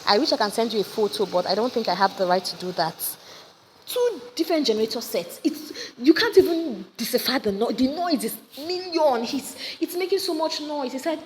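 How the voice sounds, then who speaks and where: A woman with a Nigerian accent explaining a poem to students in a casual, lively way, often asking them questions. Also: high voice, brisk. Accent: Nigerian English. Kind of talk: casual recorded lesson. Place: home with generators running nearby. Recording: audio recording, reverberant, faint generator noise.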